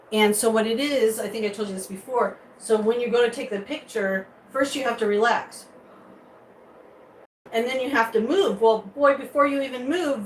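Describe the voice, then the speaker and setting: A woman vlogger chatting casually with viewers from her kitchen, rambling and animated, breaking into high excited squeals. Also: slight background noise, poor audio. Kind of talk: casual live chat. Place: home kitchen.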